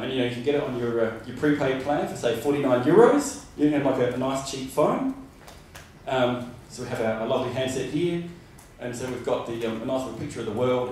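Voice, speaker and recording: A man from Australia delivers a conference talk in a meandering way, stumbling into fillers and restarts. His medium-pitched voice has a darkish tone, recorded from afar in a roomy hall with a little background noise.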